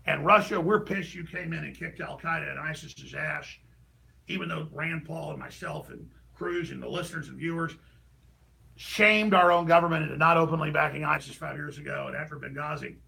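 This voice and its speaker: Gravelly, ranting middle-aged man. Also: brisk. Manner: ranting, heated, swinging from loud outbursts to low mutters. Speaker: talk show host. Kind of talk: political rant monologue.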